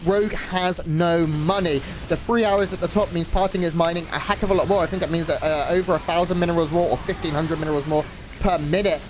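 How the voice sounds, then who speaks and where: A man doing brisk, easygoing play-by-play commentary on a live esports match. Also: fairly high pitch, steady tone, a little hiss or hum.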